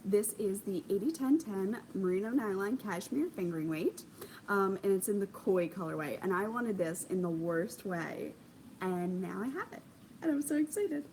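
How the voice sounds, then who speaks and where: A young woman hosting a knitting video podcast at home, chatting casually, gushing with excitement and filling pauses with ums. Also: medium pitch, a little hiss or hum, rough recording. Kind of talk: casual chat. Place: home craft corner, indoors.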